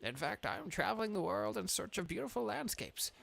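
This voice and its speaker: Guy doing a chatty traveling artist dude, a bit higher than his own voice, friendly, bouncy. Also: very animated, fairly quick, vocal fry, a bit bright, full character voice. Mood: cheerful. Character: cheerful wandering male artist traveler, chatty.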